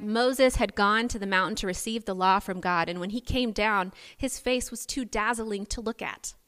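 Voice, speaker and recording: A woman preacher tells a story in an animated, playful way. Her voice sits at an ordinary middle pitch. Her words echo in the long reverb of a large hall. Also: clear, resonant tone. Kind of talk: sermon.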